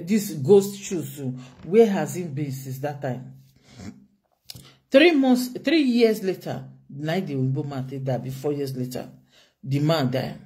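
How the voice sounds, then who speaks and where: A woman's voice: deep voice, warm tone. A woman with a Nigerian accent giving an emphatic commentary monologue as a vlogger, firing off rhetorical questions.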